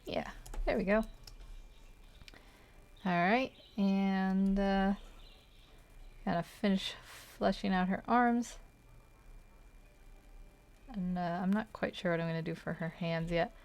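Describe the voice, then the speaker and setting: A woman's voice: mid-range voice, slow pace, pauses often, a little mellow. A woman chatting casually while she draws, thinking aloud and hesitant, with frequent little laughs. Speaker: artist streaming a drawing session. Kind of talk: casual chat while drawing.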